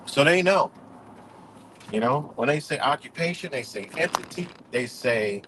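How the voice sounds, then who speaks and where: A man with a somewhat high voice rants on a live stream, heated and profane. He circles back to the same points and drops "you know" every few phrases. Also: expressive, slow, noisy background. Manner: says "you know" often. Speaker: livestream host. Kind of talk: casual live-stream commentary rant.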